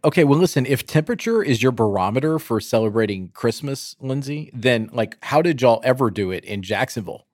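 A man co-hosting a casual roundtable podcast, lively and teasing, with many fillers. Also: medium pitch, a little fast, hardly any pauses, dry recording, studio quality. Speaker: podcast co-host.

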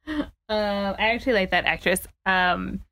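A woman's voice: medium pitch, a little slow, a bit bright. A young woman co-hosting a podcast in casual chat, with a dry, sarcastic way of talking. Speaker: podcast co-host.

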